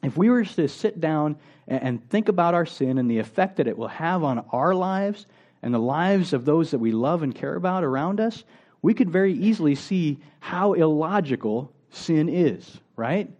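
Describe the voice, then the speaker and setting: A man preaching a sermon with an easygoing, talky delivery, often turning statements into questions for the congregation. His voice is a touch higher than most men's and mellow. The recording sounds slightly dull and lo-fi. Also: lively intonation, moderate pace. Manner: conversational, asks the congregation rhetorical questions. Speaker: pastor.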